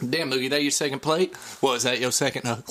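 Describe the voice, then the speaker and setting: A man's voice: mid-range voice, fast talker, fairly bright tone, a little hiss or hum. A man co-hosting a casual sports podcast, brash and joking, with a profane, easygoing style. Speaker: podcast co-host.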